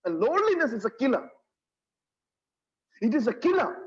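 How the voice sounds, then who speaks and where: A man preaching in a church with a Kerala English accent, his voice high and husky. He speaks earnestly, repeats his phrases and keeps asking the congregation rhetorical questions. The recording is dull and lo-fi. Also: big pitch swings, normal speed. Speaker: pastor. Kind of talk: sermon.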